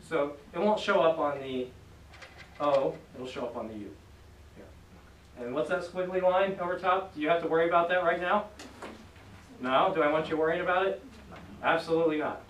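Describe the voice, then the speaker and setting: A man's voice: a little high, normal speed, long pauses, a bit bright. A man teaching a Greek class, drilling students with call and response in an upbeat way. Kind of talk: classroom lesson. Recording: echoey room from far off, faint noise.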